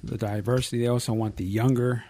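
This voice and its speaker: A man hosting a casual podcast chat, animated, often exclaiming and laughing. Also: mid-range voice, fast. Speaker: host.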